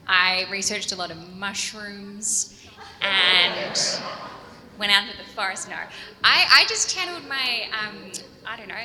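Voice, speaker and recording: A woman's voice: medium pitch, pushed and bright. A woman on a convention panel speaking in a playful, joking way. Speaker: panel guest. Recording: echoey convention hall.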